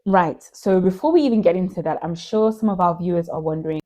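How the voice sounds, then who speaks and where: A woman's voice: lowish voice, fast talker, warm tone. A woman co-hosting a podcast, chatty and explaining things for the viewers. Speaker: co-host.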